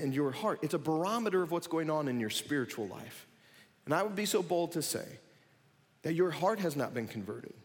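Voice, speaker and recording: A middle-aged man preaches from the pulpit, his slightly high voice climbing into emphatic bursts before dropping low again. He pauses to ask the congregation questions. A long reverb from the sanctuary trails after each phrase. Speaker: pastor. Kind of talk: sermon. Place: church sanctuary.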